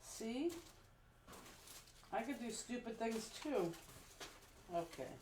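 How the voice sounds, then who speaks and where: A woman's voice: mid-range voice, unhurried. Brief: woman craft teacher, casual live class, chatty and exclamatory, faint hiss and clicks behind. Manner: chatty, exclaiming, fretful while searching.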